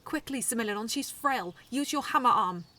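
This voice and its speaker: A woman voicing an eager young male robot trainer who calls out urgent, excited orders. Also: fairly high pitch, fairly quick, pitched above the performer's own voice. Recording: distant mic with faint noise.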